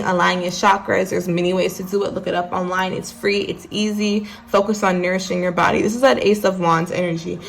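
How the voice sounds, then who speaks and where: A woman's voice: mid-range voice, creaky, slight background noise. A woman giving a casual tarot reading to her viewers, chatty and mixing readings from the deck's guidebook with asides to the audience. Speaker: tarot card reader.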